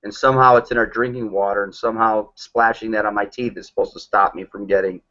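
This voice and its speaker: A man's voice: fairly low pitch, steady tone, fast talker, sharp tone. A man hosting a group call, telling joking stories and acting out what others said. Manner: joking storyteller acting out quotes. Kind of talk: casual chat on a group call. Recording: dull lo-fi call audio.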